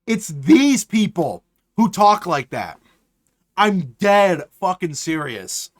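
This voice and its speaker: A man's voice: high voice, slow pace. A man streaming live, talking casually and ranting with lots of swearing. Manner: animated, profane ranting.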